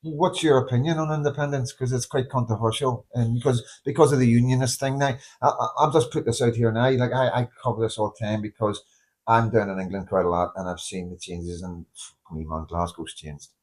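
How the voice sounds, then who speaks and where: A man's voice: mid-range voice, fairly even intonation, brisk, a little mellow. A man hosting a casual street interview, earnest and opinionated, often repeating and restarting his words. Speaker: host interviewing people in the street.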